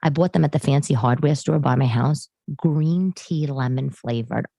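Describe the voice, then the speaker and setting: A woman's voice: extremely low pitch, moderate pace, gravelly, mellow, no echo. A middle-aged woman, hosting a podcast in rambling, chatty, self-deprecating solo talk. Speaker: podcast host. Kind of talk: casual solo chat. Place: living room.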